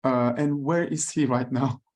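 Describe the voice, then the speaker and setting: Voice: medium pitch, steady tone, unhurried, darkish tone. A conference participant on a video call, talking hesitantly and switching between German and English while trying to reach a missing speaker. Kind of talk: unscripted chat on a video call.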